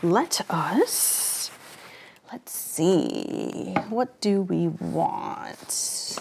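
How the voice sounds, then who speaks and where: A woman's voice: lowish voice, lively intonation, drawn-out words, gravelly, a little mellow, slight background noise. A woman hosting a live painting stream, chatting casually with viewers, laughing often and greeting chat while she works. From Florida.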